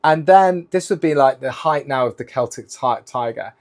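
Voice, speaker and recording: A middle-aged man, a guest in a casual interview, talks at an ordinary pitch. He tells long, rambling anecdotes, one thing after another. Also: lively intonation, moderate pace, darkish tone. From United Kingdom. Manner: rambling anecdotal storytelling, strung together with "and then". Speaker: guest, keynote speaker and former sailor.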